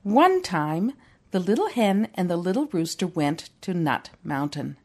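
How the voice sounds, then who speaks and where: A woman's voice: on the low side, animated, unhurried, a little mellow, husky. A woman, the host's mother, reading a fairy tale aloud in a dry, matter-of-fact way on a podcast.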